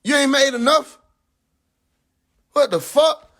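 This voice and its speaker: A young man hosting a livestream, ranting in a casual, profane way. He speaks, sounds incredulous and animated, and breaks into laughter often. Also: very high-pitched, slow. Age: young adult. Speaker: livestream host. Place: in a car.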